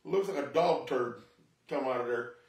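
A man's voice: medium pitch, normal speed, a little mellow, roomy sound, distant mic. A man doing a rambling, self-mocking comedy monologue at home in his living room. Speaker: stand-up comedian.

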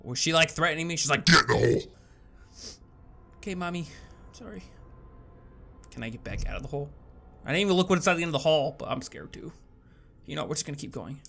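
A man giving horror game commentary, jumpy and nervous, muttering to himself with sudden loud yelps. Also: on the high side, expressive, rapid-fire, vocal fry. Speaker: gaming YouTuber.

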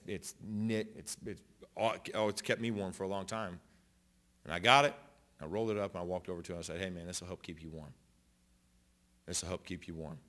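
A low-pitched man preaching from the pulpit of a church auditorium. He swings between booming declarations and hushed storytelling, often restarting and repeating his phrases. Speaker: pastor. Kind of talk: sermon.

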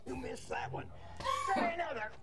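A man's voice: very high voice, expressive, normal speed, echoey room, heavy background noise. An actor playing a grizzled old Western townsman who goads the player with drawling taunts, heard as distant game audio. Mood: mocking. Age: older. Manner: drawling, teasing repeated taunts.

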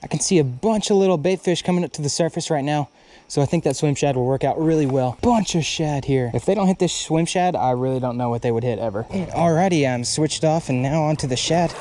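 Excitable, foul-mouthed young man vlogging outdoors. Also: a little high, fairly quick. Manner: excitable and profane, swears freely when snagged. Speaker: fishing vlogger. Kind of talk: casual on-the-go vlog commentary. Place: outdoors at a creek by a bridge. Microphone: chest-mounted action camera.

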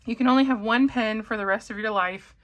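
A woman's voice: on the high side, fairly quick, muffled recording. Chatty woman rambling with many ums. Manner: rambling, self-correcting, giggly, with many ums. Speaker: fountain pen channel host. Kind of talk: casual chatty Q&A.

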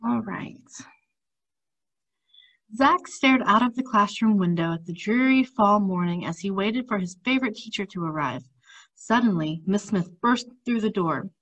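A woman's voice: medium pitch, unhurried, fairly bright tone, poor audio. A woman librarian reading a picture book aloud to children in a friendly, casual manner.

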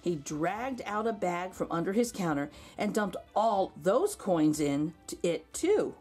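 A woman reading a children's picture book aloud, expressive with gentle asides. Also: fairly low pitch, measured pace, husky, faint music behind.

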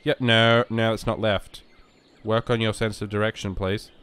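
A man's voice: on the low side, flat delivery, normal speed, clear, resonant tone. Sick young man rambling over gameplay. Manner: rambling and joking, with sudden loud outbursts at the game. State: sick with a virus. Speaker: gaming YouTuber. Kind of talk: casual gameplay commentary.

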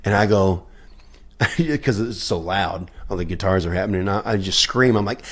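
A man's voice: low voice, moderate pace. A man, a guest musician, telling stories in a podcast interview, acting out quoted dialogue and laughing often. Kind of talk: anecdotal storytelling in a podcast interview.

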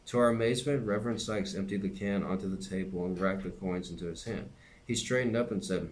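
Man reading a novel aloud, low voice. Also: fast talker, slight background noise. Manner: steady reading with occasional slips and restarts. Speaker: reader and teacher.

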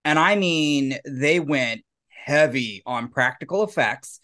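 Laid back guy on a podcast, talks slow, pokes fun at himself. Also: on the high side, animated, sharp tone. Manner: unhurried, laughs easily, self-mocking. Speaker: podcast co-host. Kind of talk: casual chat.

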